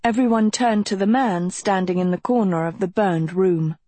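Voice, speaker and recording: A woman narrating an audiobook in scripted, even, unhurried storytelling. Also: lowish voice, no echo.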